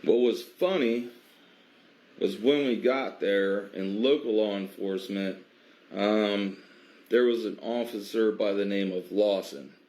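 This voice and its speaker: A man from a biker advocacy group recounting an incident in a measured way, with many pauses and fillers. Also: fairly low pitch, darkish tone. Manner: measured, filler-heavy, stops to restart. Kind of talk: recounting an incident, casual monologue.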